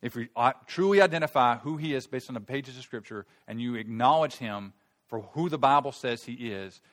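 A man preaching a sermon, shifting from quiet explaining to loud, emphatic outbursts, with frequent restarts and repeated words. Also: fairly low pitch, big-room sound. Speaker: pastor.

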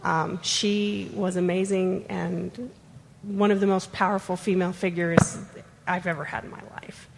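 A woman from a convention audience sharing a heartfelt, halting personal story. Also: on the low side, flat delivery, gravelly. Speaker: audience member at a fan panel. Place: convention panel room. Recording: long hall reverb with faint noise.

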